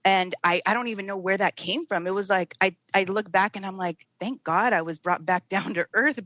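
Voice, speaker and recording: A woman's voice: medium pitch, fairly bright tone, dry recording, highs cut off. A woman in her thirties, a guest on a podcast, speaking candidly and at length with laughs between thoughts. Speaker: guest, TV producer and mother. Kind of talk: casual interview chat.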